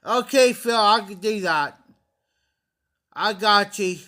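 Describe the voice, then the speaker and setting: Anxious high-voiced man on a livestream. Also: takes it slowly, pushed and bright. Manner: anxious, pleading, repeats himself. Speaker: livestream host. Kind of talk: casual livestream chat to viewers.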